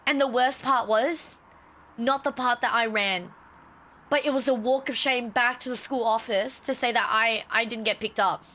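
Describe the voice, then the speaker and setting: A woman's voice: on the high side, normal speed, bright, forceful tone. A young woman streamer telling a story casually on a livestream, swearing freely and acting out the quotes.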